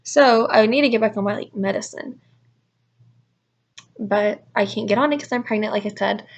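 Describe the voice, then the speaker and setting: In a casual vlog, a young adult woman tells a story, rambling and leaning constantly on "like" as filler. Her voice is medium-pitched at a normal pace, and the audio sounds dull.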